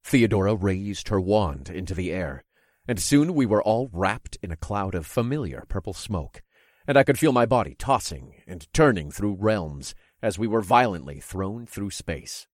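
A man reading a first-person fantasy story in a steady, descriptive way. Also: lowish voice, moderate pace, no echo, studio quality. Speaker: narrator.

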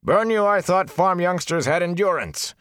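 A man reading an audiobook, voicing a harsh older male wilderness guide who shouts and scorns the tired travellers he drives on. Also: mid-range voice, sing-song, brisk, no echo, studio quality, voice pushed up. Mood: taunting harsh.

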